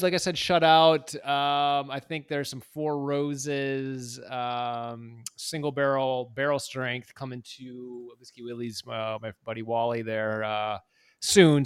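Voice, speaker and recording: A man's voice: mid-range voice, a bit bright, smooth. A man co-hosting a podcast in casual chat, laid-back and rambling with lots of fillers. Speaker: podcast co-host.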